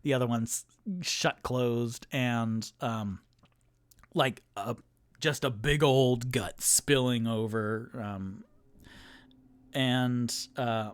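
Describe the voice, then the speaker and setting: A man's voice: mid-range voice, fairly even intonation, drawn-out words, smooth, no room sound. A man who is the game master and sole player of a tabletop game, narrating in a rambling, casual way.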